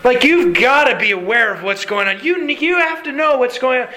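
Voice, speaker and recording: A man's voice: expressive, moderate pace, bright, forceful tone, exaggerated voice. A preacher voicing panicked male disciples in a sinking boat, pleading frantically in a raised voice. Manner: pleading, frantic, high-pitched.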